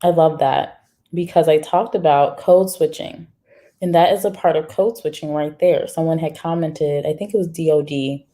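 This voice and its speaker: A woman with a deep, dark-toned voice hosts a casual live stream at a moderate pace. She chats directly with her viewers and reads their comments out loud.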